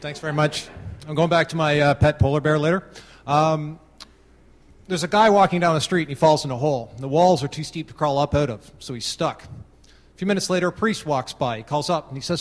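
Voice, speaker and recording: A man's voice: on the high side, a little fast. A Canadian man giving a casual short talk at a conference, telling a joke. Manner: casual, tells a joke with voiced characters. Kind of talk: open-mic talk with a joke. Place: large conference room. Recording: long hall reverb.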